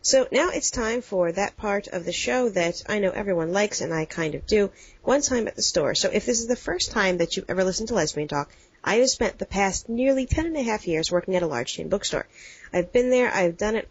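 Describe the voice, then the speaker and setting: American woman, podcast co-host, chatty storyteller, mid pitch, dry lo-fi recording. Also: breathy edge, dry recording. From United States. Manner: rambling storyteller, acts out quotes. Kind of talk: casual chat. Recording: dull lo-fi dry sound.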